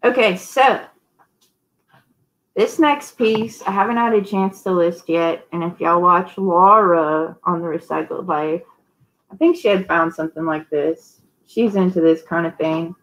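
A woman's voice: lowish voice, measured pace, a little hiss or hum, low-quality recording. A woman hosting a casual live-stream sale, chatty and rambling, greeting viewers by name. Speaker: host of a live online sale.

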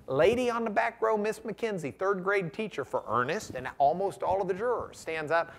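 A man giving a guest lecture to a class, telling a courtroom story dramatically and building to loud bursts. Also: fairly high pitch, lively intonation, moderate pace. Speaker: guest lecturer, trial lawyer.

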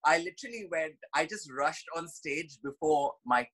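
A man's voice: a little high, animated, normal speed, fairly bright tone, slightly rough, low-quality recording. A man from India, a dancer guest on a podcast, telling stories expressively with many fillers and restarts. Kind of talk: casual interview storytelling.

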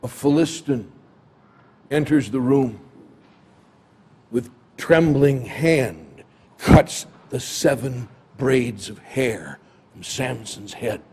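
A man's voice: mid-range voice, slow pace, pauses often, darkish tone, slightly rough. A man preaching a sermon in a church, retelling a story dramatically. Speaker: pastor.

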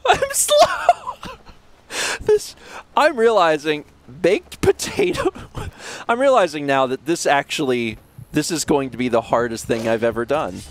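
A man streaming a game live, with excitable, rambling commentary and frequent yelps and laughs. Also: fairly high pitch, takes it slowly, a little hiss or hum.

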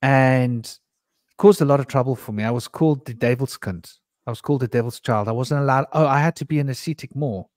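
A male podcast host tells meandering anecdotes in a candid storytelling conversation, full of restarts and asides. His medium-pitched voice is a little fast and slightly mellow, and the sound is close and dry with no echo.

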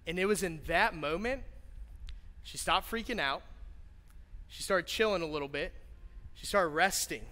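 Young man, pastor, high and bright, chatty preaching style with fervent peaks; roomy church reverb, quiet guitar bed. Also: normal speed, pauses often. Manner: conversational, jokey, building to fervent appeals. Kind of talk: sermon with personal story. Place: church auditorium.

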